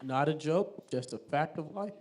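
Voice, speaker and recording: A stand-up comedian works a small theater crowd through a stage mic. His voice sits a little high for a man. He tells crude stories packed with swearing and bounces lines off the audience. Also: moderate pace, very noisy. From Tulsa, Oklahoma.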